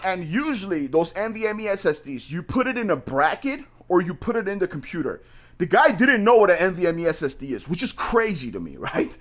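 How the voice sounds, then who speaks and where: A man's voice: sits high, big pitch swings, brisk. A man who owns a small business tells a story casually, repeating himself and using slang like "bro" and "man".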